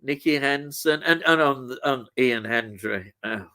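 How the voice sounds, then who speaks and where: A man's voice: mid-range voice, unhurried, sharp tone. Agreeable man reading comments. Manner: reads out viewer comments, agreeable, many short yeahs. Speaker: host. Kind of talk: casual chat.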